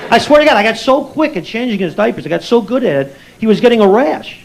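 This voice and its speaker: A man doing a stand-up routine in a comedy club, animated and slipping into baby talk and character voices. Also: very high-pitched, quick pace, creaky, poor audio. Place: comedy club stage before a laughing crowd. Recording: live club recording with crowd laughter and noise.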